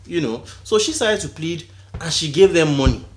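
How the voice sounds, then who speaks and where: A man co-hosting a podcast, telling a story in an animated, indignant way. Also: on the high side, normal speed, echoey room, slight background noise. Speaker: podcast co-host. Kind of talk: casual storytelling chat.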